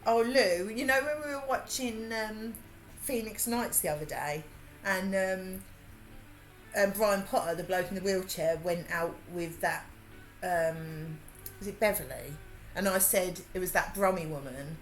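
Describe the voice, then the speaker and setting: A woman's voice: medium pitch, measured pace, faint music behind. A woman with a Birmingham accent, chatting casually and laughing while she works on a craft during a livestream. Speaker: livestream host.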